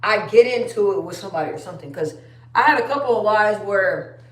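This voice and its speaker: A woman's voice: mid-range voice, lively intonation, quick pace. A young woman chatting casually on a phone live stream, rambling and trailing off. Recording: roomy echo.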